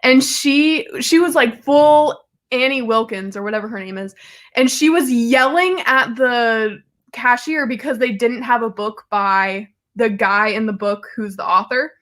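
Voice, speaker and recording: A young woman co-hosting a casual livestream chat, telling stories in an animated, lively manner. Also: fairly high pitch, unhurried. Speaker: livestream co-host.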